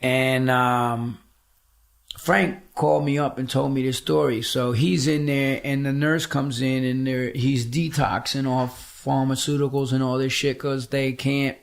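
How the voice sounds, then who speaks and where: A man's voice: mid-range voice, flat delivery, measured pace, vocal fry. A middle-aged man, a podcast guest, telling a personal story in a casual interview, blunt, profane and emphatic.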